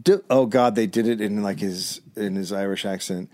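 A man's voice: mid-range voice, lively intonation, normal speed, few pauses, darkish tone. Man reading old news with wry asides. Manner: reads aloud with wry asides. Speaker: podcast host reading old newspapers. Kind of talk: reading aloud and casual chat.

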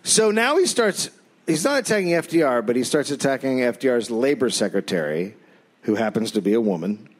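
A man hosting a live comedy podcast, telling a history story with dry, deadpan asides. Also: medium pitch, brisk. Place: live stage before an audience.

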